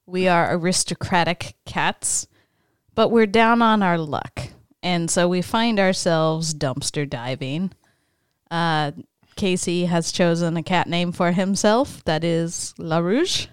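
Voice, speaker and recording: A woman's voice: lowish voice, slow pace, smooth, no room sound, clean studio sound. A woman setting up an improv comedy scene for her friends in an upbeat, casual way. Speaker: improv performer.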